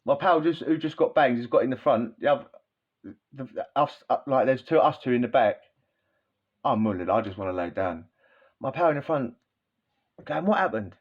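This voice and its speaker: A man's voice: mid-range voice, lively intonation, normal speed, pauses often. A man telling a rowdy story in casual chat, rambling with frequent tag questions and laughs. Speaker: podcast host telling a story. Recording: dull lo-fi sound.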